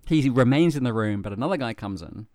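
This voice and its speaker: A man with a New Zealand accent recounts a tense personal story in a relaxed podcast chat. He swears freely and lets emotion surge into his telling. His mid-pitched voice sits close and dry on the mic. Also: fast, dry recording.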